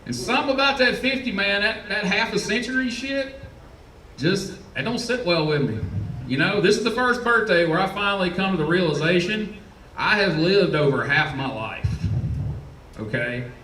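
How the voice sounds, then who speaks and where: Southern man in his forties, stand-up comic, bright edge, off-mic in a roomy club. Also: sits high, lively intonation, moderate pace, distant mic, a little hiss or hum. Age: 40s. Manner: profane, rambling and self-mocking. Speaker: stand-up comedian. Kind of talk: stand-up comedy set. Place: comedy club stage.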